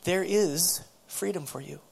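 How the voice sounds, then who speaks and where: A woman preaches a sermon with earnest conviction, her voice sitting a little low for a woman. She tells stories and stumbles over repeated words as she builds her point. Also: measured pace, creaky, darkish tone, breathy edge.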